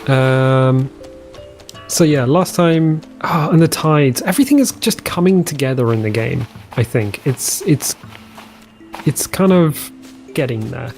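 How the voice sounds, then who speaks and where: A man talking through a survival game in a loose, chatty way, voice mellow and unhurried at its middle pitch. He breaks off often to react with quick delight, and soft game music plays faintly underneath. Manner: chatty, easily delighted, trails off mid-sentence. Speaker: let's play host. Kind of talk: casual gameplay commentary.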